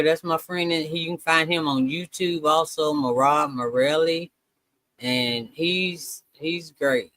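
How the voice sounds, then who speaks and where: A man's voice: on the high side, fairly bright tone, no room sound. A man chatting casually to his viewers during a live reaction stream, talking to them as "y'all".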